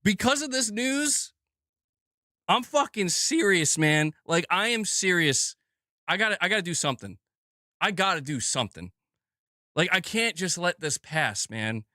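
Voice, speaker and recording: A man's voice: on the high side, expressive, normal speed, pushed and bright, no echo, clean studio sound. A man hosting a gaming news channel, delivering an angry, heated rant full of swearing and repeated phrases.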